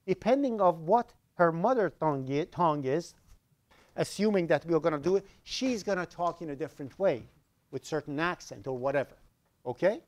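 A man's voice: high-pitched, darkish tone. A man with an Iranian accent lecturing a university class, explaining ideas through everyday examples and often asking whether students follow.

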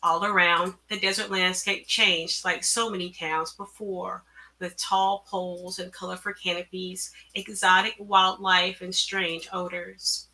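A woman author reading her own story aloud, measured and careful, at an online event through a computer mic. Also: lowish voice, flat delivery, sharp tone. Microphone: computer mic on a video call.

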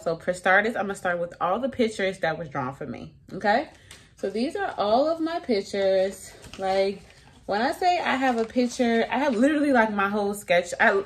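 A woman's voice: medium pitch, slight background noise. An elementary school teacher talking casually to her vlog viewers in a chatty, slangy way, laughing often.

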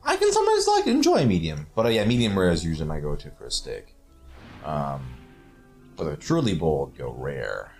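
A man's voice: extremely low pitch, wildly swooping pitch, normal speed, darkish tone, faint music behind. A man co-hosting a video game let's play, chatting casually, laid-back and cursing often, with frequent ums. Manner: laid-back, swears a lot, trails off with ums. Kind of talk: casual gameplay banter.

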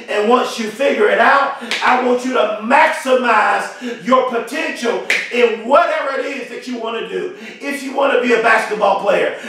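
High-voiced emphatic motivational speaker, echoey. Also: male voice, fairly bright tone, slight background noise. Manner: emphatic, repetitive, preacher-like delivery. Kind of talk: motivational speech. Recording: very echoey, from far off the mic.

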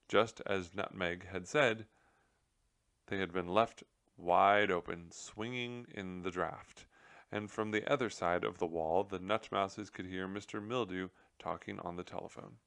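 A man reading a children's book aloud as narrator, telling the story gently. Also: low-pitched, smooth, dry recording, studio quality. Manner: gentle storytelling with character voices.

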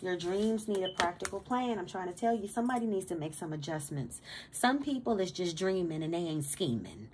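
A woman's voice: fairly low pitch, expressive, fairly quick, hardly any pauses, noisy background. A woman giving a casual tarot reading to her viewers, emphatic and streetwise, swearing freely and stammering on repeated words in a motivational pep talk. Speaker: tarot reader.

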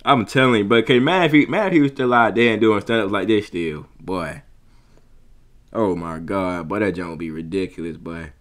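A man's voice: lowish voice, moderate pace, a bit bright. A man hosting a reaction video, casually commenting in exclamations and calling the listener bro. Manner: exclamatory, calls everyone bro, laughs throughout.

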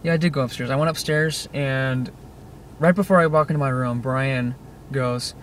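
A man's voice: mid-range voice, steady tone, normal speed, far from the mic. Give me a frustrated teenage boy rambling into a dashboard camera in his car, with road noise behind. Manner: rambling, frustrated, many restarts and fillers. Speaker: vlogger. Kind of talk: casual video diary. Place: parked car. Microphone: handheld camera set on dashboard. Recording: car interior with outside noise. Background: car and traffic noise.

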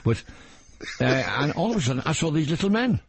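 A man's voice: a little high, sing-song, fairly quick, vocal fry, slight background noise. Older man, jokey storyteller on old radio. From England. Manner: jokey storyteller, slips into impressions of regional voices. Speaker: comedian guest. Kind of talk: anecdotal interview chat. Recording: old radio broadcast recording.

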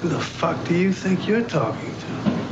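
A man's voice: high voice, sing-song, measured pace. An actor playing a brooding young male cab driver, taunting and confrontational, repeating himself in a film scene. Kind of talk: film dialogue. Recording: muffled noisy film clip in echoey room.

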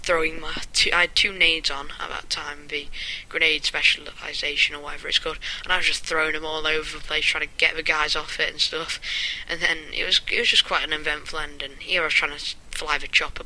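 A man's voice: on the high side, bright, forceful tone, slight background noise, rough recording. A man giving casual gameplay commentary, rambling through stories and chuckling as he talks.

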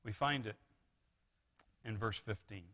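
A male pastor preaching a sermon in a church, animated, swinging from low, quiet asides to sudden loud, high exclamations, with repeated restarts. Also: measured pace. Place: church sanctuary.

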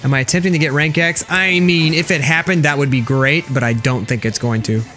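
A man's voice: fairly high pitch, brisk, pushed and bright, faint music behind. A young man streaming a video game, chatting casually and sarcastically with viewers as he plays. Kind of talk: casual gameplay commentary reading chat.

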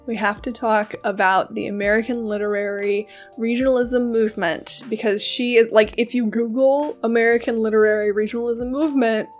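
Woman, fairly high voice, casual book chat, lots of "like" and restarts, faint music underneath. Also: fairly even intonation, fairly quick, hardly any pauses. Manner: chatty, with many fillers and self-corrections. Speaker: host of a book reading channel. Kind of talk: casual spoken literary discussion.

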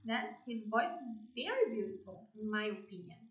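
A woman's voice: mid-range voice, lively intonation, normal speed, reverberant, recorded from a distance, muffled recording. A woman with a Brazilian Portuguese accent teaching a basic English lesson, encouraging and switching into Portuguese to translate.

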